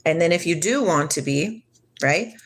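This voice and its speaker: This livestream host, a woman in her forties, has a lowish, expressive voice and talks at normal speed. Her casual chat with the live chat wanders along dreamily and playfully as she responds to what viewers write.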